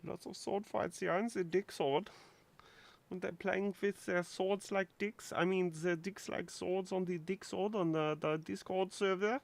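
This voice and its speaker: A man's voice: high-pitched, fairly even intonation, a little slow, vocal fry. A man hosting a maker livestream, chatting crudely and joking while he solders at his workbench. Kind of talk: casual streaming chat while soldering. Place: home workbench.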